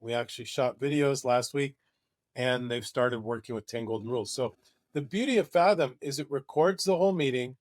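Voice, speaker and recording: A man's voice: medium pitch, brisk, a little mellow, dry recording, clean studio sound. A man presenting a marketing webinar, talking in an enthusiastic, conversational way.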